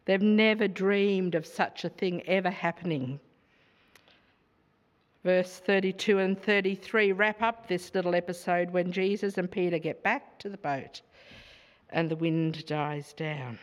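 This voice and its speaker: A woman preaching a sermon in a measured way, often asking rhetorical questions. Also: on the low side, in a large hall.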